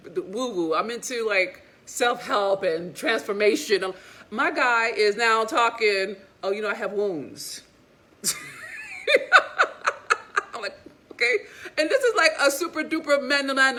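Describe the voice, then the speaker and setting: A woman relationship coach giving a casual, animated, sassy motivational talk to women, frank and sometimes cursing. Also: high voice.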